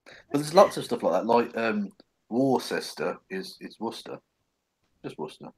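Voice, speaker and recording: A man's voice: fairly low pitch, lively intonation, brisk, breathy edge. A man co-hosting a casual chat, grumpy, sardonic and sweary. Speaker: co-host.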